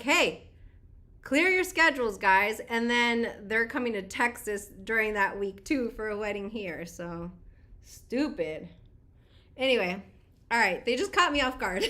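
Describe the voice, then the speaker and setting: A woman's voice: fairly high pitch, a bit bright. A woman in her thirties, a beauty vlogger chatting casually on a livestream, greeting viewers and laughing often.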